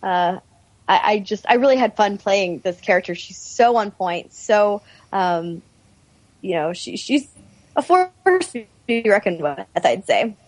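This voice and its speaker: A woman's voice: mid-range voice, animated, a little slow, dry recording. A woman voice actor on an interview panel, speaking hesitantly but with enthusiasm.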